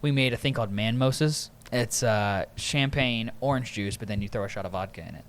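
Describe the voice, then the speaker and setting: A man's voice: medium pitch, fairly quick, a little hiss or hum. A young man hosting a podcast, rambling through casual stories and laughing often. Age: young adult. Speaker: podcast host. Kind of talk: casual chat.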